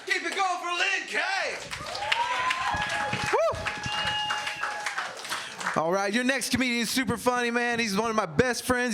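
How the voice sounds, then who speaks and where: A man's voice: very high-pitched, expressive, unhurried, long pauses. A man hosting a comedy show, introducing comedians in a hyped manner that rallies the crowd. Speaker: host. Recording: loud crowd and heavy noise in a small club.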